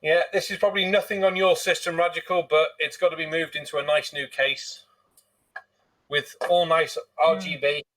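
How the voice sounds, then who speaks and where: Guy hosting a live stream, high voice, chatty n sweary, few pints in, sits back from the mic. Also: flat delivery, moderate pace, fairly bright tone, distant mic. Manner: chatty, swears freely, jokey. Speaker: streamer host. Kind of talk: casual live-stream chat.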